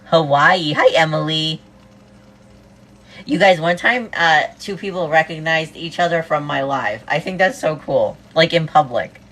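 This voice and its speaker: Bubbly East Coast woman, lowish voice, cooks live while chatting to her viewers. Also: a little slow, a bit bright. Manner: bubbly, greets viewers one after another, says "oh my God" often. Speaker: livestreamer cooking while greeting viewers. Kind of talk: casual livestream chat.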